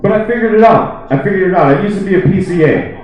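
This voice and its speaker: High-voiced man rambling a stand-up story. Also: animated, quick pace, a little mellow. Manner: rambling, profane storytelling full of "like". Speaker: stand-up comedian. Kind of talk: stand-up comedy set. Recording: echoey, distant, dull lo-fi room recording.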